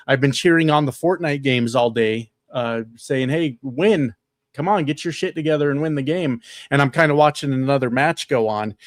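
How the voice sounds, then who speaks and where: A man's voice: fairly high pitch, dry recording, clean studio sound. A man hosting a casual livestream from a home room with sound panels, reading viewer comments aloud in a loose, profane, chatty way with plenty of fillers. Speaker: livestreamer and political candidate. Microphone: upgraded desk microphone.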